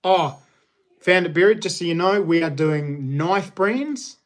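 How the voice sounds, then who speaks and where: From a small lounge nook at home, a man in his thirties with a New Zealand accent hosts a casual livestream, upbeat and chatty with viewers. His voice is high-pitched and a little slow.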